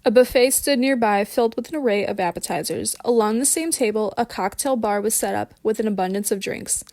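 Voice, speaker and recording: A woman narrating an audiobook with steady, even reading. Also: on the high side, brisk, no echo, clean studio sound.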